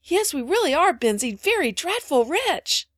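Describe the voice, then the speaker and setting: A woman's voice: very high-pitched, sing-song, normal speed, a bit bright, no echo, clean studio sound, pitched above the performer's own voice, exaggerated voice. A woman voicing a small, earnest little girl who asks grave, wondering questions in a storybook reading. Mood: eager.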